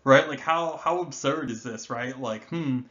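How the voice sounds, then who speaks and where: A man hosting a card game finance video, talking excitedly and rambling, with casual swearing and many restarts. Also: mid-range voice, a little slow, muffled recording.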